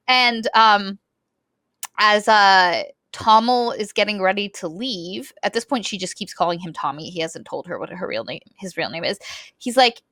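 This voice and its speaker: Woman, mid-range voice, casual podcast co-host recapping a novel, lively and loose, dry close mic. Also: medium pitch, moderate pace, no room sound. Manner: animated retelling with many "like" fillers. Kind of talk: casual book discussion.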